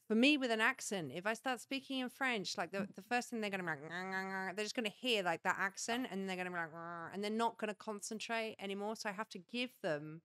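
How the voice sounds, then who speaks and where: A woman's voice: medium pitch, quick pace. Candid English woman telling stories. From England. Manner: frank, swearing, animated storytelling. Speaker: guest comedian. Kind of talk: casual podcast chat.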